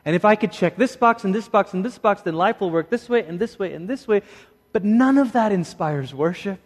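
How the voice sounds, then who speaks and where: A man delivering a sermon with a fairly high voice, moving between quick, lively asides and soft, hushed emphasis. His voice rings out with a long reverb, as if he is in a large hall. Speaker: preacher.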